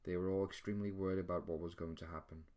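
A man narrating a fantasy audiobook in a quiet, low-key storytelling manner. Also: fairly even intonation, racing.

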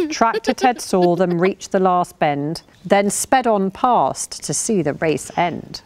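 A woman's voice: fairly low pitch, animated, slow, few pauses. A woman reading a rhyming storybook aloud to young children, lilting and playful, with little voices for the characters. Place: farm, children listening.

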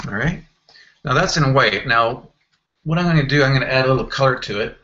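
A man walking through a software screen tutorial in a casual, think-aloud way, with fillers and self-corrections. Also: mid-range voice, animated, fairly quick, lo-fi sound. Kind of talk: screen-recorded software walkthrough.

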